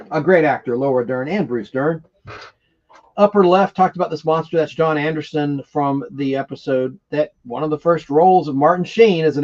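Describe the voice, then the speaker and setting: A man's voice: high-pitched, highs cut off. A man hosting a live stream, chatting casually and enthusiastically, rambling from one aside to the next. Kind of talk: casual chat about classic TV monsters.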